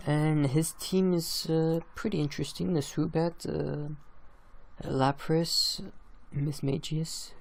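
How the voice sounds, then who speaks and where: Just awake and still drowsy, this young gaming channel host rambles through a recap of his online battles, chuckling at his own plays. He takes it slowly, his fairly high voice steady in tone and gravelly.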